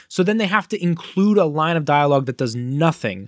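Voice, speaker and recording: Male podcast co-host, mid pitch, dry close mic, lively nerdy rambling. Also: no room sound. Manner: animated, nerdy explaining with quick asides. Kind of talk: casual chat.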